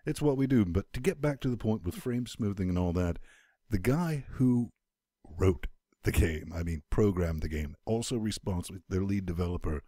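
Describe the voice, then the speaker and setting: Low-voiced guy hosting a gaming podcast, crude jokes, lots of swing in his voice. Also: moderate pace, no echo, studio quality. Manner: brash, crude, animated joking. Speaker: podcast host. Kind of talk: casual banter podcast.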